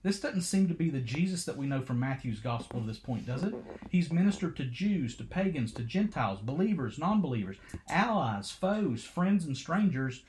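Dramatic preacher with rhetorical questions. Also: male voice, a little high, sing-song, moderate pace, a little mellow, a little hiss or hum. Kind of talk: sermon.

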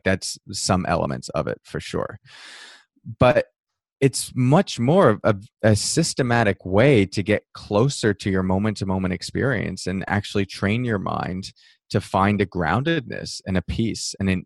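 A man who teaches mindfulness, talking through an interview answer in a relaxed, reflective way and acting out passing thoughts with small laughs. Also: lowish voice, creaky, dry recording.

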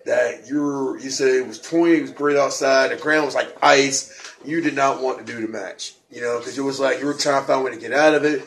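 A man telling a story in casual chat, excitable and rambling, often repeating words and restarting. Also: medium pitch, brisk, gravelly. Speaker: podcast co-host. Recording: echoey room with faint noise.

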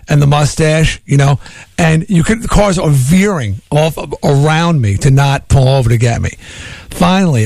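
A man hosting a radio show, telling a long rambling story in a lively, jokey way. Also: on the high side, no room sound. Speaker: radio host. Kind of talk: casual storytelling on morning radio. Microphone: studio microphone.

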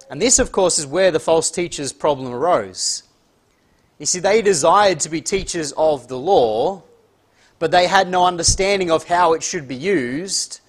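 Deliberate, emphatic male preacher. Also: fairly high pitch. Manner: deliberate, emphatic, slows on key words; reads scripture aloud in King James wording. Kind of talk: sermon.

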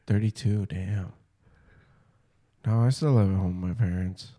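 A man's voice: fairly even intonation, unhurried, dark tone. A young man chatting casually as a podcast co-host, joking and often slipping into put-on voices. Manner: joking, swings into put-on posh or squeaky voices. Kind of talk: casual chat.

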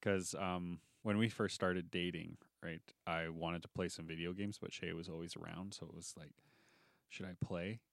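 A man's voice: low voice, fairly even intonation, moderate pace, vocal fry, hardly any pauses, no room sound, clean studio sound. A young man co-hosting a podcast in casual, joking chat, rambling and laughing. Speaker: podcast co-host.

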